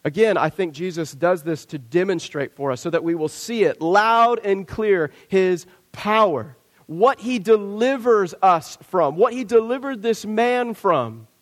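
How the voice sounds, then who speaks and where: A man's voice: high voice, unhurried. A man preaching a sermon as pastor, asking rhetorical questions and acting out quotes with emphasis.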